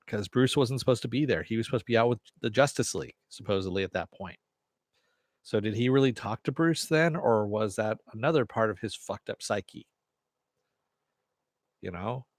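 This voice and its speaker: A man's voice: mid-range voice, no echo, clean studio sound. A man hosting a casual live TV review, rambling off the cuff, swearing now and then and answering chat comments. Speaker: TV review host.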